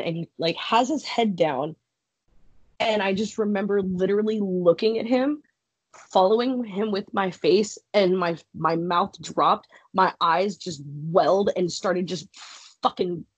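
A woman's voice: medium pitch, husky, dry recording. A young woman on a podcast telling a personal story casually, swearing freely and laughing often. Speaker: podcast guest, wrestler.

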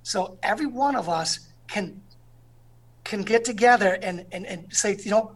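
A man speaking as a guest in an interview, telling stories with lively energy and often asking "you know what I'm saying". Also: high-pitched, normal speed.

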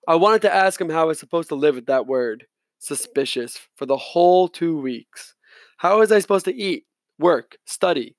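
A man's voice: fairly high pitch, expressive, moderate pace, no echo, studio quality. A man narrating a novel in the first person, reading plainly with the odd slip and restart. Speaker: audiobook reader.

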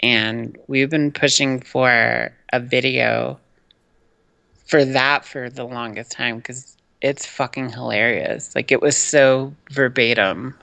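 Man, gravelly, very bright edge, blunt, profane, casual chat. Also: mid-range voice, fairly even intonation, slow, dry recording, low-quality recording.

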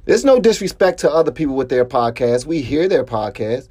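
A man hosting his own podcast, telling a story in a casual monologue, animated and jumping up in pitch when he gets worked up. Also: brisk, breathy edge. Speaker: podcast host.

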